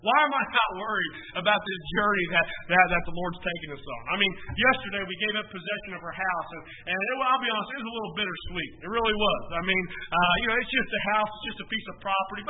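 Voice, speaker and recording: High-voiced man preaching in an echoey hall. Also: fast, few pauses, very noisy. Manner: emphatic preaching with sudden loud swells and soft drops. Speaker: pastor. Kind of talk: sermon. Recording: echoey hall, tinny phone-like sound.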